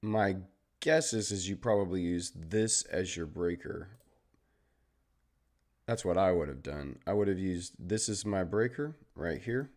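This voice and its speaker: A man's voice: low voice, a little slow, a little mellow. A man with a Southern Texan accent, hosting a live trading stream and explaining charts in an easygoing, chatty way while greeting viewers. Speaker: trading livestream host. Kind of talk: casual live trading commentary.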